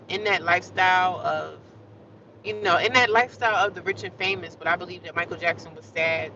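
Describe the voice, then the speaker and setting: A woman's voice: on the low side, sharp tone, distant mic, highs cut off, slight background noise. A woman chatting casually to her livestream viewers, talking straight to them and drifting into bits of song. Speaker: vlogger.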